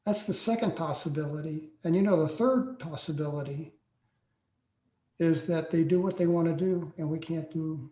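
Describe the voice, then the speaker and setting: A man in his sixties, a podcast guest telling a personal story slowly and deliberately, with frequent pauses. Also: on the high side, dark tone. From United States. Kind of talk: personal account in a podcast interview. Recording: echoey room sound.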